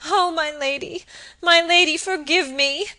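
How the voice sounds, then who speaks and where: Frantic sobbing young maid, put on by a woman reader: high, shrill, pleading at full volume. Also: animated, moderate pace. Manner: frantic, high and loud, breaking into sobs.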